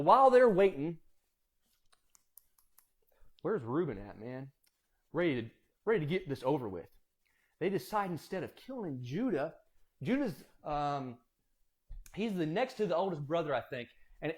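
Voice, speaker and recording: A man casually telling Bible stories, animated and acting out voices. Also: high-pitched. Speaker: storyteller.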